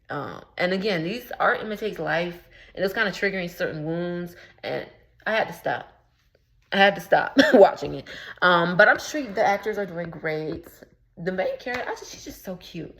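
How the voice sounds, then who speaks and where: A woman's voice: on the low side, creaky, fairly bright tone. A woman spiritual coach talking casually in a vlog, slangy and rambling, with lots of filler words and amused at her own jokes. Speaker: spiritual coach and womb healer. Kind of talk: casual motivational vlog talk.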